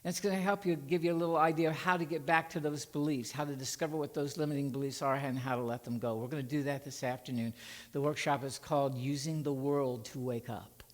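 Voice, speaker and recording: A man's voice: mid-range voice, steady tone, fast, in a large hall. A male minister preaching in a church sanctuary, folksy and coaxing, leading the congregation in call and response. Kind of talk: sermon with congregational singing.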